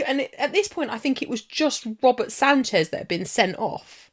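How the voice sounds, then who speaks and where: A woman, co-hosting a casual livestream chat and telling stories with animated energy. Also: sits high, normal speed. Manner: animated storytelling, laughs often. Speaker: co-host.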